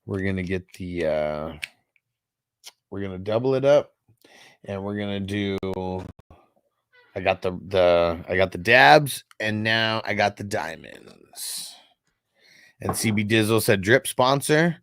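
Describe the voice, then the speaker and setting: A man's voice: lowish voice, takes it slowly, fairly bright tone, no room sound, clean studio sound. A young man hosting a casual livestream, reading out chat comments in a loose, rambling way and swearing freely. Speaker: host.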